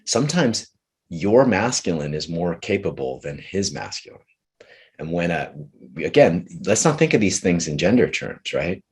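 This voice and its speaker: A man leading a group session on relationships, talking earnestly and slowly, often restarting his sentences. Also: low-pitched, very animated, a little mellow, breathy edge. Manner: earnest, slow and searching, many restarts. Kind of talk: coaching talk with a participant.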